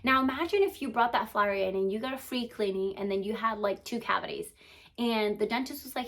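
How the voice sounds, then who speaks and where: A young adult woman, a business and mindset coach, giving an energetic motivational talk to camera, peppered with "like" and asking "okay?" as she goes. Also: fairly high pitch, brisk. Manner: energetic, emphatic, frequent "like" and "okay?" check-ins.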